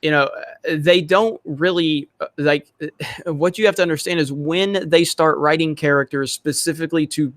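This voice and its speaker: A man's voice: fairly high pitch, normal speed, fairly bright tone, dry recording. A man hosting a casual podcast chat, talking in an emphatic, exasperated way with many restarts. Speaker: podcast host.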